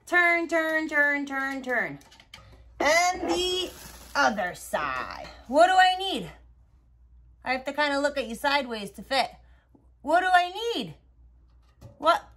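A young woman hosting a children's learning video, talking slowly in a playful, repetitive, coaxing way as she shows each step. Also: high voice. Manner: sing-song, repetitive, gently coaxing. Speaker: children's educational host. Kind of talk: slow, playful teaching to toddlers.

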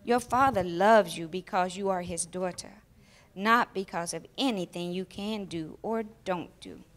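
A woman voicing a nanny who speaks firmly but gently and patiently while reading a children's story aloud. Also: fairly low pitch, measured pace, natural voice. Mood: firm, gentle. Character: gentle but firm older female nanny.

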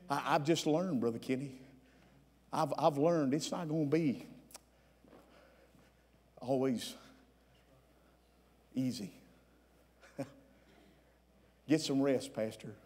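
A man preaching a sermon as pastor, with many "uh" fillers between phrases, rising at times to shouts. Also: mid-range voice, expressive, takes it slowly, long pauses, slightly rough, big-room sound. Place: church sanctuary.

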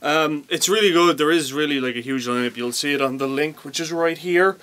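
A man chats as a guest film reviewer, a little nervous and full of fillers and casual swearing. His voice sits a touch higher than most men's. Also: fairly quick, pushed and bright. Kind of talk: casual chat. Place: indoors at a cinema venue.

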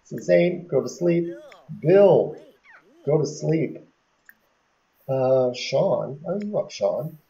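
A woman with a low, mellow voice that swings widely in pitch as she gives casual gameplay commentary. She chats away and laughs often, talking straight to the characters on screen. The sound is a bit dull and lo-fi. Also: lively intonation, takes it slowly, creaky, pauses often.

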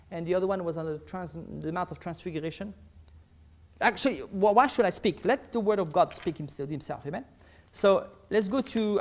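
A man preaching a sermon, reading scripture aloud with emphasis and dropping to soft, murmured asides. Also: sits high.

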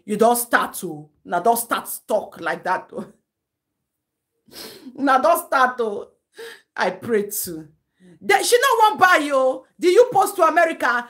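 A Nigerian woman holds forth on a live stream in gossip commentary, her voice sitting a little high. She lectures and scolds her subjects, repeating her points for emphasis and breaking off to laugh. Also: a bit bright.

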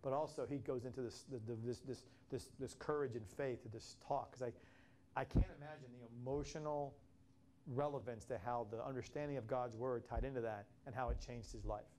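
A man's voice: mid-range voice, steady tone, a little fast, darkish tone, slight background noise. A man preaching a sermon in an impassioned way, often restarting his phrases and acting out quotes. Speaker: pastor.

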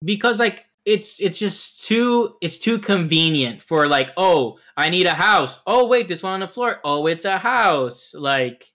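A man's voice: high voice, animated, measured pace, few pauses, pushed and bright. A man co-hosting a casual film review podcast, rambling and hedging with lots of likes. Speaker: podcast co-host.

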